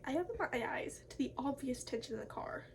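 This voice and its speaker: Giggly high-voiced young woman reading aloud. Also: fast talker, gravelly, slight background noise, rough recording. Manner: giggly, chatty, reads unevenly. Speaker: video co-host. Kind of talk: reading horror posts aloud with casual chat.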